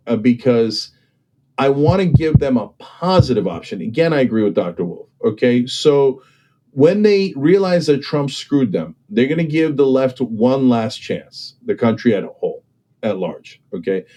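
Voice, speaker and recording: A man's voice: medium pitch, sing-song, unhurried, mellow. A man in an impassioned political discussion, talking emphatically and persuasively and often checking in with "okay?" and "right?". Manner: acts out other people's voices when quoting them. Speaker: political commentator and guest.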